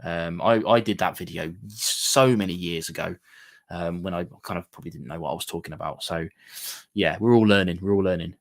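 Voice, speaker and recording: A man's voice: low-pitched, brisk. A man hosting a casual whisky livestream, chatting in a rambling way with lots of fillers and restarts. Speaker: whisky show host.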